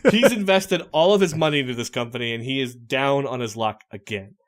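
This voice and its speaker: A man's voice: medium pitch, fairly quick. A man hosting a podcast party game, telling stories with lots of energy and laughing often. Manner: animated storytelling, laughs often. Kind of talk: casual chat.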